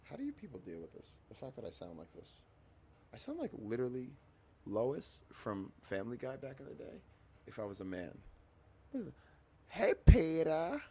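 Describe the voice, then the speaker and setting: A man's voice: mid-range voice, big pitch swings, fairly quick, warm tone, slightly rough. A man with a scratchy voice chatting casually on a livestream, rambling to himself as he fiddles with settings.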